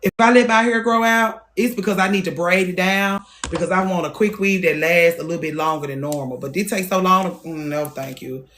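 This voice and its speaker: A woman's voice: fairly low pitch, fairly quick, hardly any pauses, a bit bright, a little hiss or hum. Woman in her thirties, hairstylist hosting her own show; blunt, profane, repeats herself for emphasis. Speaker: hairstylist and podcast host. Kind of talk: casual monologue.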